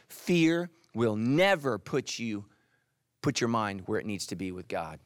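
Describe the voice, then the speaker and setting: A middle-aged male pastor preaching a sermon, animated, dropping into soft intense asides. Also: a little slow, no echo, studio quality. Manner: animated, voices quoted characters with jumps in pitch.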